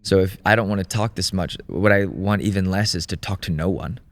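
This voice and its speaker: A young man co-hosting a podcast in casual conversation, speaking reflectively and haltingly, often restarting his thoughts. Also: low voice. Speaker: podcast co-host.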